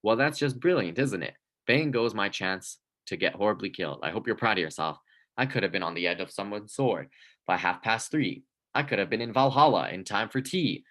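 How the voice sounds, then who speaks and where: A man reading a storybook aloud and voicing an excitable young male Viking who is loud, indignant and dramatic. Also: on the low side, a little fast.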